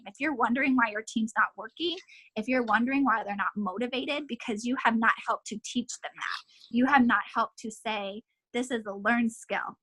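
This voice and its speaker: A woman with a bright, husky voice urges her team on in an emotional, impassioned pep talk, hammering her points home by repeating them. She speaks over a video call, and the sound is dry and close. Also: on the high side, no echo, poor audio. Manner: emotional, impassioned, repetitive exhortations.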